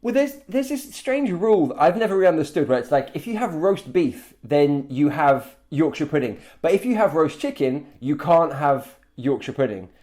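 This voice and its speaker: A man's voice: on the high side, sing-song, moderate pace, few pauses, darkish tone. Upbeat chatty male interview host. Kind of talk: casual interview chat.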